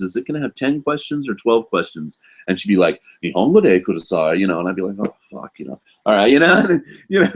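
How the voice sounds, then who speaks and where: A man hosting a casual live Q&A stream as a university English teacher, chatty and animated, leaning on "you know" as he talks. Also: low voice. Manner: animated, acts out students and staff in a raised voice. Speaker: host answering viewer questions.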